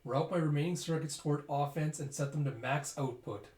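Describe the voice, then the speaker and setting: A man voicing a stern, resolute older male commander in a manga reading, with slow, measured delivery. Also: fairly high pitch, darkish tone, natural voice. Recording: roomy echo.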